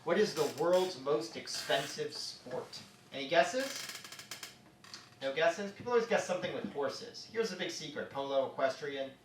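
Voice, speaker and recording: A man performing a stand-up comedy set on a club stage, with quick asides as he moves between jokes. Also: fairly high pitch, a little hiss or hum. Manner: lively, joke-driven, quick asides. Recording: echoey club from far off.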